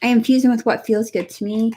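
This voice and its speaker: Soft-spoken woman giving an energy reading. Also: fairly high pitch, fairly even intonation, fast talker, slight background noise. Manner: soft, encouraging, answers viewers by name. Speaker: energy reader. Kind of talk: live-stream spiritual reading. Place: home room next to her computer.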